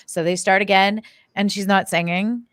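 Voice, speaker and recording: A woman's voice: mid-range voice, fairly even intonation, moderate pace, no room sound. Chatty woman in a dry room. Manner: chatty and sympathetic, tells stories vividly. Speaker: podcast guest. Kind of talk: casual chat.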